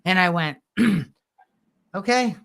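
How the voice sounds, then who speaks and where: A man co-hosting a podcast who tells personal stories in a lively, self-mocking way and clears his throat now and then. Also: fairly high pitch, measured pace. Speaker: podcast co-host. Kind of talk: candid podcast conversation.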